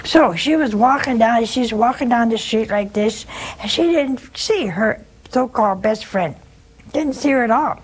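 A woman's voice: a little high, measured pace, breathy edge. A woman hosting a religious call-in show, preaching in a folksy, anecdotal, conversational way and telling stories. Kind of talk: spiritual talk and storytelling.

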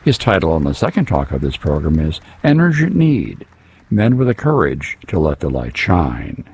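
A man announcing a recorded talk in a measured, formal, scripted introduction. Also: a bass voice, wildly swooping pitch, darkish tone, husky. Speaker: program announcer.

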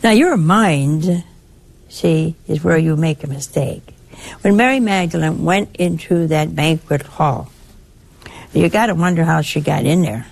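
An older woman preaches in a somewhat low voice. She talks in a chatty, lively way and chides her listeners with affection. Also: a little slow, vocal fry. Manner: conversational, lively, chiding and affectionate. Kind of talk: sermon.

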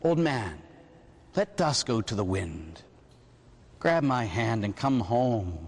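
Man doing a gentle, soft boy Jesus. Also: mid-range voice, very animated, a little slow, breathy edge, in a large hall.

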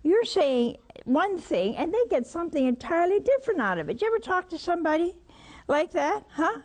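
A woman's voice: very high voice, very animated, a little fast, darkish tone. A woman preaching a sermon, telling a Bible story and putting rhetorical questions to her listeners.

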